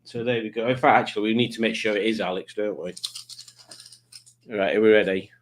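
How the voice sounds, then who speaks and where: A man's voice: lowish voice, steady tone, a little fast, a little hiss or hum. Chatty man hosting a livestream. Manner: rambling, jokey, greets the chat. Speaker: livestream host. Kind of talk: casual live-stream chat. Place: home streaming setup with lights.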